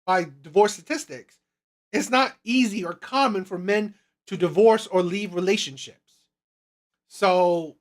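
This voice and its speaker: A woman hosting her own commentary channel, giving blunt, emphatic opinions and repeating her points. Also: fairly low pitch.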